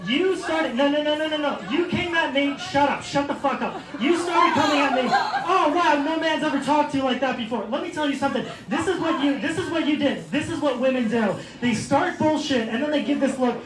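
A male stand-up comedian on a club stage, mocking and combative, shouting insults at hecklers. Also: very high voice, fairly quick, few pauses. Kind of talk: stand-up set turning into shouting match. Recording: echoey club with crowd noise.

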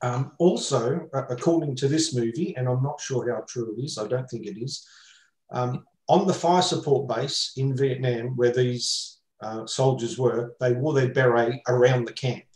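A man's voice: mid-range voice, moderate pace, a little mellow, echoey room, rough recording. An Australian man chatting casually on a panel over a video call, rambling with many fillers. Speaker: panel guest.

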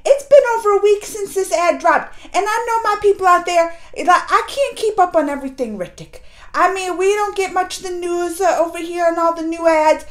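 A woman's voice: very high voice, a little fast. A woman hosting a fan reaction video, gushing and giddy, laughing often and talking straight to her viewers. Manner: playful, talks straight to viewers. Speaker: reaction vlogger.

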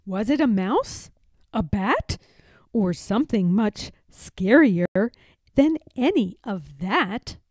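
Slow, expressive woman reading a children's book. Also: mid-range voice, no echo. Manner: rhythmic, rhyming delivery. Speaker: storybook reader. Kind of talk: children's read-aloud.

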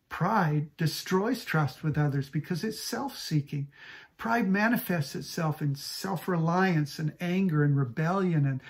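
A middle-aged man preaching a sermon as pastor, telling a personal story with earnest energy and dropping to a soft whisper for his inner thoughts. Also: on the high side. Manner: earnest storytelling preacher, shifts pace often.

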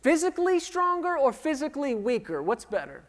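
A man's voice: extremely high pitch, huge pitch swings, brisk, background noise. Preaching man in a reverberant church hall. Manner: call-and-response preaching, quizzing the congregation; jokey and self-deprecating. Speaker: pastor. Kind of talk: sermon. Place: church sanctuary.

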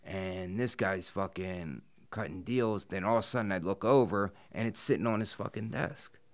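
Gruff deep-voiced man, blunt and profane. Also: normal speed. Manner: blunt, profane storytelling with frequent fillers. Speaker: professional wrestler, guest. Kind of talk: casual interview talk. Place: studio interview set.

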